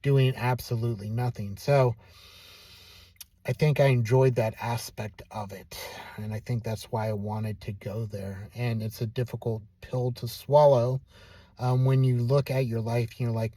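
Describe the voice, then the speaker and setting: A man's voice: mid-range voice, fairly even intonation, unhurried, warm tone, no room sound. A middle-aged man recording a personal video diary, speaking in a downcast, self-deprecating, musing way. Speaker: vlogger.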